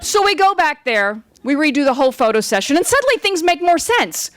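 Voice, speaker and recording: A woman tells a funny personal story with wry, animated delivery. Her voice sits high and swings widely in pitch as she builds each beat. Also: brisk. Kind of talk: live comic storytelling.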